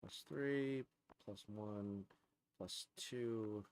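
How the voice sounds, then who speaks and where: With game music playing in the background, a man streams a video game, rambling chattily to viewers and often restarting his sentences. His voice is on the low side and darkish, and he draws out his words.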